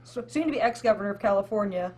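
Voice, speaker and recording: A woman's voice: mid-range voice, rapid-fire, darkish tone. A woman co-hosting a casual podcast, chatty and sarcastic, laughing often. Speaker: co-host. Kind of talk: casual chat. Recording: faint background noise.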